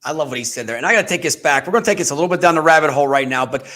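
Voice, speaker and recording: A staffing company host chats with high energy, as if he were on stage. His voice sits a little high for a man and bounces with excitement. He keeps the talk casual and hyped. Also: very fast. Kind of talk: casual podcast chat.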